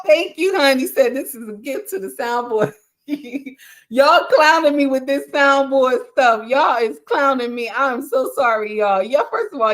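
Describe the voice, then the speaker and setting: A woman hosting a casual livestream on relationships, speaking in an animated, preachy way, often calling listeners honey and answering chat comments. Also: a little high. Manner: reacts to chat comments while talking. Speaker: livestream relationship advice host.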